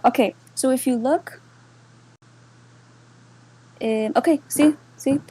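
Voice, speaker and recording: Taking it slowly with frequent pauses, a woman with a high, breathy-edged voice walks listeners through a bot on screen share as a server moderator. She switches between English and Spanish, says "okay?" often and uses many fillers, in a rough recording with no room sound.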